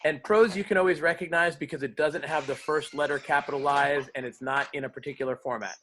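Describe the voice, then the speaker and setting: A man teaching a class on verse, lively, explaining and quizzing his students. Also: on the high side, a little fast, a little hiss or hum. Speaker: drama teacher. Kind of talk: classroom lecture.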